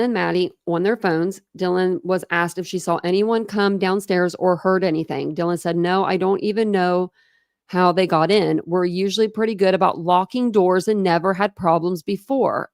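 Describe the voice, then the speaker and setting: A young woman hosts a true crime show, reading official documents aloud and stopping often to think out loud in a casual, filler-heavy way. Her voice sits a little low and has a gravelly edge. The sound is dry and close, with no room around it. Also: no echo. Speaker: true crime channel host.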